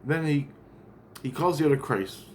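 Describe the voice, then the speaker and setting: A man's voice: fairly high pitch, moderate pace, a little hiss or hum. A man telling a long account of a dream in a rambling, profane way, with many restarts and asides. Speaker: vlogger.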